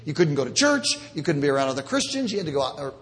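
A man preaching a sermon, animated and jokey, with sudden loud bursts. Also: a little high, very fast, in a large hall. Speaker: pastor.

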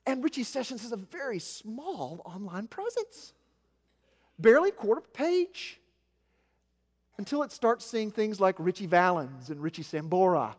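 High-voiced pastor in an echoing hall. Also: male voice, sing-song, measured pace, husky. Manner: storytelling, self-mocking, swings from soft asides to loud emphasis. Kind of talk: sermon. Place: church sanctuary. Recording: echoey hall.

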